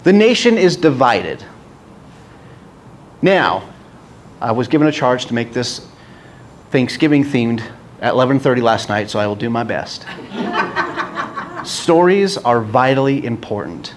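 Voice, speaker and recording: A man preaching a casual sermon, retelling stories in a rambling, animated way with many restarts. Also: mid-range voice, unhurried, pauses often, a little hiss or hum.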